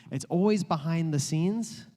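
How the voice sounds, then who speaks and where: A man hosting an interview, asking earnest, measured questions and thanking a guest for the community. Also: fairly high pitch, warm tone, long reverb tail. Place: community office room.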